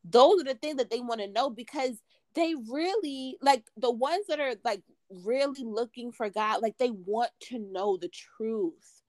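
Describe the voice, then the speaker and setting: A young woman guest on a podcast, her voice sitting a little high. She speaks earnestly and gropes for her words as she makes her point. The sound is close and dry, with no room around it. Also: lively intonation, unhurried, no echo. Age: young adult. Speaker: author guest. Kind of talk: casual podcast conversation.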